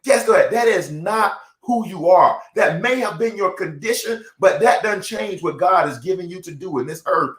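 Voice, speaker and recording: A man's voice: high-pitched, lively intonation, normal speed, a bit bright. A man giving a preaching-style motivational talk, fervent and emphatic, repeating phrases. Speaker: motivational speaker. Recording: echoey room.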